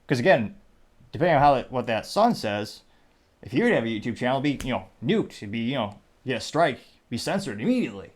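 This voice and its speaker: A man's voice: mid-range voice, sing-song, fast. A man hosting his own commentary show, reading social media posts aloud in a wry, rambling way with asides. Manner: wry, rambling, reads quotes aloud with "quote, unquote". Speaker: show host.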